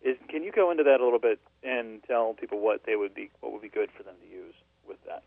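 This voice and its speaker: A man's voice: medium pitch, expressive, fast talker, creaky, no room sound. A man co-hosting a health radio show, prompting his mother with hesitant questions and filler sounds. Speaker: radio co-host. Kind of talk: call-in radio health talk. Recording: tinny phone-like radio line.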